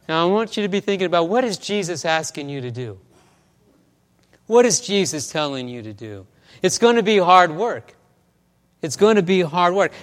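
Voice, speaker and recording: A man's voice: sits high, a bit bright, big-room sound. A man pastor preaching a sermon, telling a story with many stammers and restarts, in a church.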